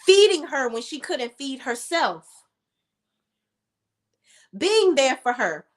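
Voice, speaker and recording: High-voiced woman ranting about a reality show, blunt, cussing, gets emotional. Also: sing-song, slow pace. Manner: blunt, heated and profane; emotional while telling a personal story. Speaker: reality TV recap vlogger. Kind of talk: reality TV recap commentary.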